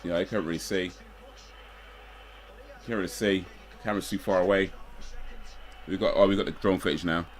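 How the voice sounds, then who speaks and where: A young man streaming live, chatting in a relaxed, rambling way with chuckling asides. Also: low voice, normal speed, long pauses. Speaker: livestreamer. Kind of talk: casual live watch-along chat.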